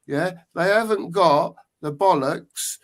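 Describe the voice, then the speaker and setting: A man hosting a casual livestream chat. He speaks bluntly and earnestly and now and then pauses to hunt for a word. His voice sits a little high for a man. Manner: blunt, earnest, searches for words. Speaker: host.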